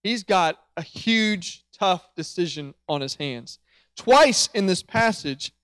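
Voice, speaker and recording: A male pastor preaching in a conversational, explaining manner with the odd restart. His voice sits high for a man, and the recording is dry and close with no room echo. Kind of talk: sermon.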